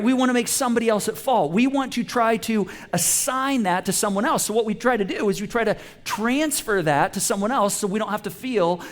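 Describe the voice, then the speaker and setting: A man with a notably high voice gives a conversational church sermon, stumbling over restarts and slipping into playful acted-out voices when quoting people. He talks directly to the congregation and asks them to respond. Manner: conversational preaching with many restarts, acting out quoted voices. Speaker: pastor. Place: church auditorium with a live congregation.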